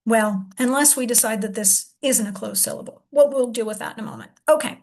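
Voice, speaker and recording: A woman teacher walks through a word, thinking aloud and sounding out each syllable slowly. Her voice sits a little high. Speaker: reading teacher. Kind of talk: demonstration lesson.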